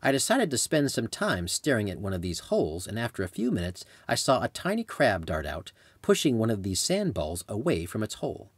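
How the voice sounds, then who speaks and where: A man reading his own travel memoir aloud in measured, descriptive storytelling. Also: on the low side, wildly swooping pitch, husky, no echo. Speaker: author narrating his memoir. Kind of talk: scripted audiobook narration.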